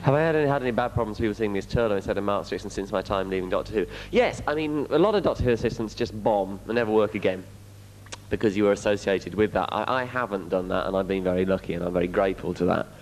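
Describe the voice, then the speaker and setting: At a fan convention Q&A, this guest actor, a young man from England with an English accent, answers questions frankly and bluntly. He talks fast in a fairly low voice, over slight background noise on a rough recording.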